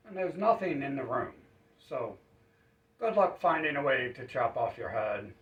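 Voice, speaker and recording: A man's voice: mid-range voice, expressive, unhurried. A man telling a rambling comic story full of fillers. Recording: roomy, distant, dull sound.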